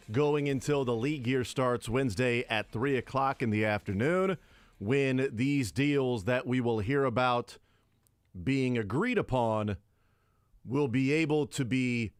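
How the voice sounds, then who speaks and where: A man hosts a sports talk radio show with a sarcastic, deadpan delivery. His voice sits at an ordinary middle pitch. The studio sound is close and dry, with no room echo. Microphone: studio microphone.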